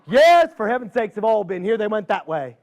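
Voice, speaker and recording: Guy doing a cheery folksy shopkeeper, high lively voice. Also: fairly quick. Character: friendly country storekeeper, helpful. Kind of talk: storytelling to a live audience.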